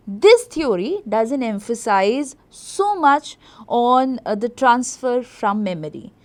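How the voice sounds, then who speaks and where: Casting: woman teacher trainer, a bit high-pitched, explains patiently with "you know" fillers. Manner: explanatory, repeats "you know" and "uh", stresses words by doubling. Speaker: teacher educator.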